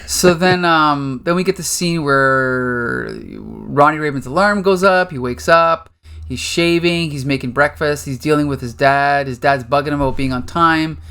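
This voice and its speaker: Podcast host dude rambling through a recap, casual, lots of ums. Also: male voice, fairly high pitch, moderate pace, sharp tone, clear, resonant tone. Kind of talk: casual chat.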